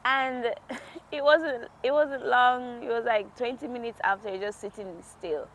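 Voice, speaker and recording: A woman's voice: a little high, fairly even intonation, measured pace, fairly bright tone. A woman vlogger telling a personal faith story in a casual, heartfelt way, laughing often as she talks outdoors. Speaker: devotional vlogger. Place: outdoors in a quiet natural area.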